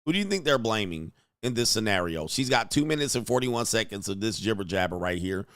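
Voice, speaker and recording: A man's voice: on the low side, animated, fairly quick, fairly bright tone, no echo, studio quality. A man hosting a reaction commentary, blunt and crude as he talks straight to the viewer.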